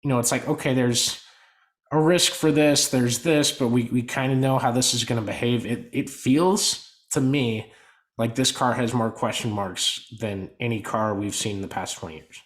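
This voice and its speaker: A male podcast co-host chatting casually about racing, his voice at an ordinary middle pitch. He gets animated and lets his volume rise and fall as he talks. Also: moderate pace. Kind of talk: casual sports podcast chat.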